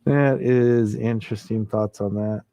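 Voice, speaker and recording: A man's voice: lowish voice, steady tone, a little slow, dark tone, no echo. A man hosting a casual late-night livestream, chuckling often and reading viewer comments aloud. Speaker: livestream host.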